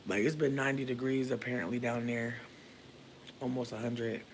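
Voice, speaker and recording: A man's voice: fairly even intonation, moderate pace, slight background noise. Playful, profane man chatting with viewers. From Michigan. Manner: playful, profane, sudden jumps into high squeals. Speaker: livestreamer. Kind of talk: casual chat with viewers. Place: at home doing hair.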